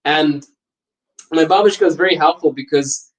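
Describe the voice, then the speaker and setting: A man hosting a podcast, chatting casually and telling lively anecdotes, laughing often as he talks. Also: fairly high pitch, moderate pace, rough recording. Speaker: podcast host. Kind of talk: casual storytelling chat.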